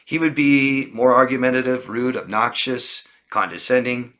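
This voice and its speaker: A man's voice: mid-range voice, normal speed, bright, forceful tone. A man coaching on a live stream who reads out viewer comments and answers them emphatically, often tagging lines with "okay?". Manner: emphatic, repeats lists of words and asks "okay?". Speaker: relationship coach.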